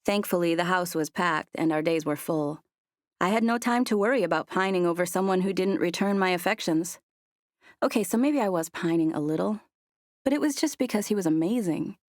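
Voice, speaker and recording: A woman's voice: fairly low pitch, no room sound, studio quality. Earnest woman narrating an audiobook. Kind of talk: first-person audiobook narration.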